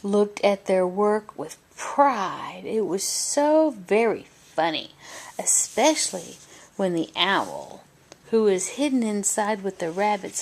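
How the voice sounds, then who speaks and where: A woman reads a classic picture book aloud in a soft, hushed bedtime voice that often slips into a whisper. She takes it slowly, lingering over each phrase. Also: mid-range voice. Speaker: storyteller. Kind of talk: bedtime storybook reading aloud.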